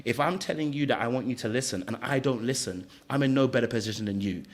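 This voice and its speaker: A man talks at a fast clip as a podcast co-host. He builds his argument emphatically and doubles up on words when he presses a point. His voice sits at an ordinary middle pitch. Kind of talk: heated reality-show reaction talk.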